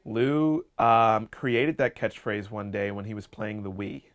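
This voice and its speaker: A man's voice: lowish voice, measured pace. A young man guesting on an interview, joking playfully and laughing often as he tells stories. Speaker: actor guest.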